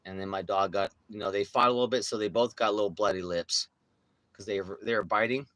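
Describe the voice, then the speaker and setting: A man's voice: lowish voice, fairly even intonation, brisk, pushed and bright, no room sound. Young man, casual vlog chat, rambling, swears a lot, outdoors on the street. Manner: rambling, profane storytelling. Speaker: vlogger. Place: outdoors on a city street with his dog.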